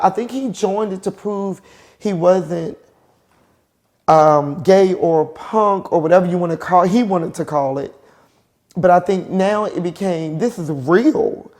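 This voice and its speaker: A woman's voice: low-pitched, warm tone. Emotional middle-aged woman telling her story. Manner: emotional, halting, with pauses and restarts. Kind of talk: personal testimony.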